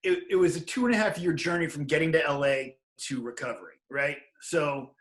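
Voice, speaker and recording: A middle-aged man, a guest on an interview show, telling a personal story in a casual, animated way and acting out the people he quotes. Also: fairly high pitch, fairly quick. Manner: animated, acts out quoted voices.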